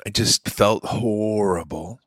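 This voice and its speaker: A man's voice: fairly low pitch, slow, fairly bright tone, husky, no echo, clean studio sound. A man telling a story in casual chat, earnest and often restarting his sentences.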